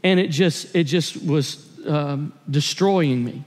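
A man's voice: a little high, slow, long reverb tail. A man preaching a sermon as pastor, telling a personal story in an earnest, confessional way. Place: church sanctuary.

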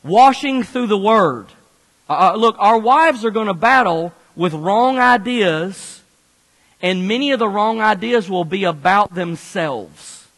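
High-voiced preacher in an echoing hall. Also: male voice, unhurried. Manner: animated, conversational preaching. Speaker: pastor. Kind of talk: sermon.

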